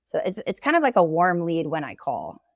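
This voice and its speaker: Low-voiced woman, chatty real estate agent. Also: huge pitch swings, a little fast, no echo, studio quality. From Oklahoma. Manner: conversational, explaining at length with laughs. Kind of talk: casual podcast interview.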